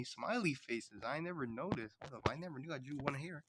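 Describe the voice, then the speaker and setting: A man's voice: medium pitch, normal speed, background noise. A man streaming while he draws and animates, talking to himself in a rambling, chatty way. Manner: rambling, chatty self-talk. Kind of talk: casual livestream chat.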